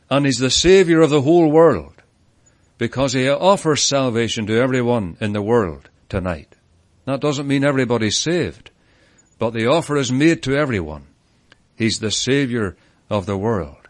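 A man's voice: mid-range voice, lively intonation, unhurried, no echo. A man preaching a sermon at an evening tent meeting, earnest and emphatic, leaning hard on key words.

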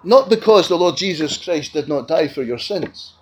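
A man preaching an evangelistic sermon at a tent meeting, swinging between loud appeals and hushed, quiet lines. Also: on the high side, lively intonation, moderate pace, a little hiss or hum, poor audio.

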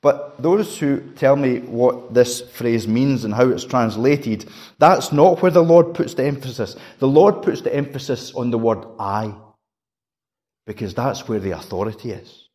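A man's voice: mid-range voice, moderate pace. Man preaching a dramatic sermon. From Scotland. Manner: dramatic emphasis, rising to a shout and dropping to a hush.

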